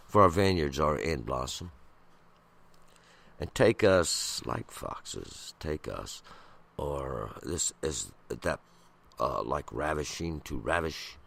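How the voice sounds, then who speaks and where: A man with a very deep, gravelly voice reads scripture and then explains it. His delivery is slow and halting, with frequent pauses and restarts. The voice sounds husky rather than clear. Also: a bit bright. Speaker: Bible commentator. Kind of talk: scripture reading with commentary.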